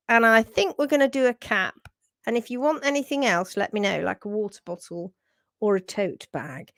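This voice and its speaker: A woman's voice: fairly high pitch, dry recording, studio quality. A middle-aged woman hosting a live stream, chatting casually and greeting viewers as she reads out their comments. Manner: chatty, warm greetings, frequent restarts and laughs. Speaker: livestream host.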